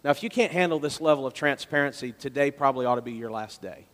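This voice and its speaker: A male pastor, preaching a sermon with dramatic storytelling that swings between loud passages and quiet ones. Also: medium pitch, fast, in a large hall.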